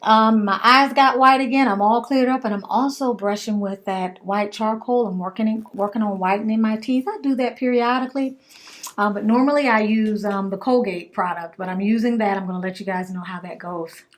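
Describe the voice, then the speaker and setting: A woman's voice: mid-range voice, fairly quick, a little mellow. A woman chatting casually and affectionately to her viewers in a home vlog. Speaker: hair vlogger.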